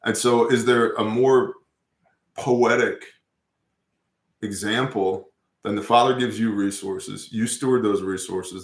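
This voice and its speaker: A man hosting a casual talk about scripture, telling stories in an animated, profane way. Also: on the low side, echoey room.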